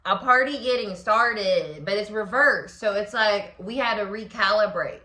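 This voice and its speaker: A woman gives a solo tarot reading in a bright, forward voice. She talks freely with plenty of fillers and slips into acted-out inner voices. The recording carries a noticeable echo from the room. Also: mid-range voice, measured pace. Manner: expressive, many fillers, acts out inner voices. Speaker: tarot reader and astrology host.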